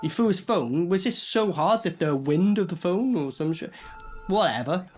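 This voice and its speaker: A man's voice: high-pitched, expressive, moderate pace, a little mellow, soft background music. A man reviewing a film in casual reaction commentary, blunt, sweary and rambling.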